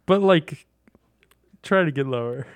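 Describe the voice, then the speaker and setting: Slow, laid-back young man, dry sound. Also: fairly high pitch, lively intonation, no room sound. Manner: laid-back, laughs often, halting with fillers. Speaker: host. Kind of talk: casual podcast chat.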